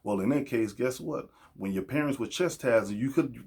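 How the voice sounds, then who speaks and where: Man, podcast host, husky, emphatic monologue. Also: fairly low pitch, a little fast, hardly any pauses, darkish tone. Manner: preachy and emphatic, acts out quoted voices. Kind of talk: casual opinion monologue.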